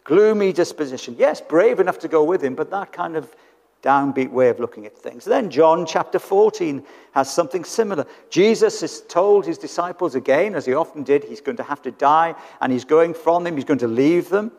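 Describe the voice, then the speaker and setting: A man's voice: on the high side, lively intonation, normal speed, gravelly, darkish tone. A British man preaching a sermon in church, conversational and fond of rhetorical tag questions. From Britain. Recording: church hall with long reverb.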